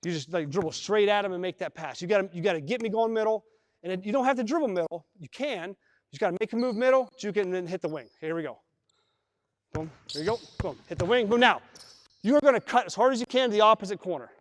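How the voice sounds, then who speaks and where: A man's voice: high voice, expressive, fast talker, clean studio sound. A man coaching basketball at a live clinic, talking through drills and repeating himself as he demonstrates with players. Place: large indoor gym. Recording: long reverb in a gym hall.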